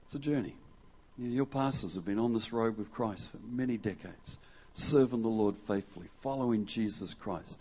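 A man's voice: lowish voice, moderate pace, darkish tone, slightly rough. A middle-aged man from Western Australia, preaching a jokey, conversational sermon to a congregation and acting out quotes. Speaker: guest preacher. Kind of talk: lively sermon with audience interaction. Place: church hall before a congregation.

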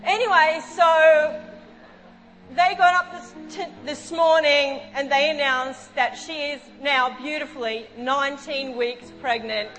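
A woman with a high, bright-pitched voice preaches a sermon, moving between storytelling and exclamation. Her words ring out with the long reverb of a large hall, and quiet music plays underneath. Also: unhurried, hardly any pauses. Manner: animated, acts out quotes, exclaims. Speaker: pastor.

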